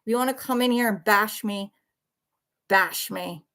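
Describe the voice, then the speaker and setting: A woman's voice: medium pitch, measured pace, fairly bright tone. A worn-out woman ranting defensively on a livestream, blunt and swearing, repeating herself as she answers viewers. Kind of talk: heated livestream rant.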